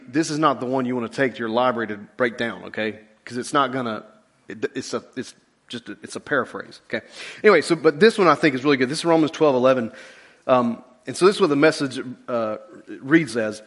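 A middle-aged man preaching a sermon as a pastor, in a relaxed conversational way with lively asides. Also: mid-range voice, fast talker.

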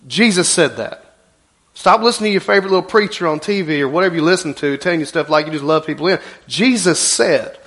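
High, lively pastor preaching. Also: male voice, fairly quick. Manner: emphatic, rising and falling preaching delivery. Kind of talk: sermon.

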